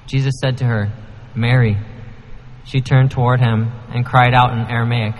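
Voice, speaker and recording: A man reading a scripture passage aloud in a steady, measured way in a church. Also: mid-range voice, long reverb tail, poor audio. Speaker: scripture reader. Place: church sanctuary.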